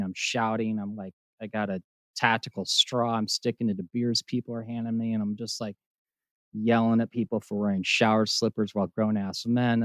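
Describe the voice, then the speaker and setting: Man, podcast host, middle-aged, animated riffing, profane, dry close sound. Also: on the low side, dry recording. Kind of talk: casual podcast interview.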